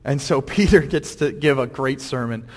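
Animated preacher in an echoing hall. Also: male voice, medium pitch, moderate pace. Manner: animated, acts out the scenes in voices. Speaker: pastor. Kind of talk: sermon. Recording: long hall reverb, church.

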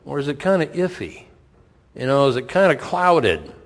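A man's voice: mid-range voice, sing-song, normal speed. A middle-aged man, a pastor, preaching a sermon in a conversational way, firing rhetorical questions and repeating his points. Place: church sanctuary. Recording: long hall reverb.

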